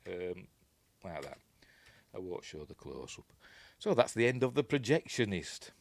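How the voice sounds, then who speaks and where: A man's voice: sits low, big pitch swings, a little slow, creaky, no echo. A man with a Yorkshire accent, casually recapping a film as a reviewer, rambling and chatty with lots of ums and asides. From Yorkshire, England.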